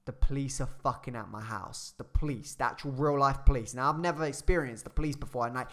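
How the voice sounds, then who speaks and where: A man's voice: mid-range voice, fast talker. A young man telling a rambling, sweary personal story in a casual storytime. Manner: rambling, sweary, animated retelling.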